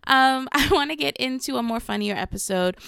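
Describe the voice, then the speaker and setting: A woman's voice: high-pitched, expressive, a little fast, vocal fry, a bit bright, clean tone, dry recording. Candid, cussing woman podcast host. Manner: candid, profane, slangy. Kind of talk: casual confessional podcast talk.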